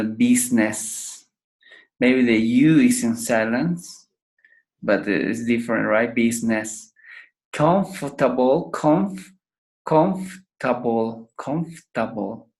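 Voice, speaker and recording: Slow, patient male English teacher. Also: medium pitch. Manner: repeats each word slowly to drill pronunciation. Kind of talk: pronunciation lesson.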